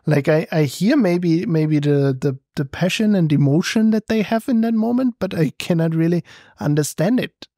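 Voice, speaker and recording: A German man co-hosting a podcast in casual chat, calm and easygoing as he reads listener comments. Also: fairly high pitch, moderate pace, no room sound, clean studio sound. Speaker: podcast co-host.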